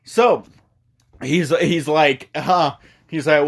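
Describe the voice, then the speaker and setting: A man's voice: a little high, expressive, a little slow. A young man recapping a movie in a rambling, profane, stumbling comic style. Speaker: video host recapping a movie.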